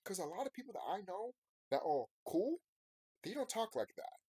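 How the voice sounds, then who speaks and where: This time his voice is high-pitched and husky, swinging widely in pitch at a normal speed, dark in tone, with no room sound. The man, in his thirties, is a YouTuber rambling casually and emphatically to subscribers, repeating himself without a script.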